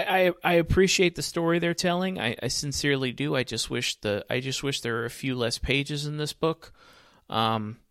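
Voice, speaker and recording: A man with a mid-range, fairly bright voice gives casual live commentary on a wrestling show, often talking straight to his viewers in a chatty way. The recording is studio quality with no echo.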